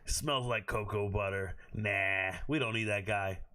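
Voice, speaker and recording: A man hosting a live stream from his home on his own microphone, talking bluntly with plenty of swearing and sudden bursts of shouting. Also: lowish voice, measured pace. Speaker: host of a draft watch party stream. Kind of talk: casual live-stream commentary.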